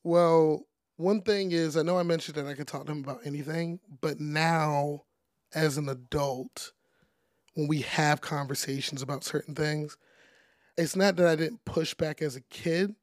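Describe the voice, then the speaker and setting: A young man, a DJ, speaking as a guest in a casual interview, chatty and relaxed with lots of "like" and "you know.". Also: on the high side, normal speed, no echo, clean studio sound. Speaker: podcast guest, DJ.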